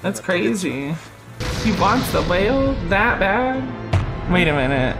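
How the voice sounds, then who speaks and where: Young female reaction host: excitable, gasps a lot, lively swooping pitch, loud soundtrack behind her. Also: slow. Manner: excitable, frequent gasps and exclamations. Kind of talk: live reaction commentary. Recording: loud show soundtrack playing under her voice. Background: anime episode music and dialogue.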